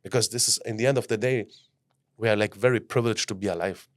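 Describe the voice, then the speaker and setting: Fast-talking man telling animated stories. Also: on the low side. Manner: animated, acts out quotes with lots of "bro" and "like". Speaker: guest, self-leadership coach. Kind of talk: casual podcast storytelling.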